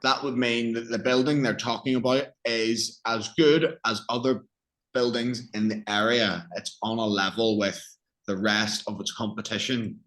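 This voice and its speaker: A man's voice: mid-range voice, fairly even intonation, normal speed, a bit bright, low-quality recording. Encouraging male English teacher. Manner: encouraging, checks understanding often. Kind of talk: online English lesson.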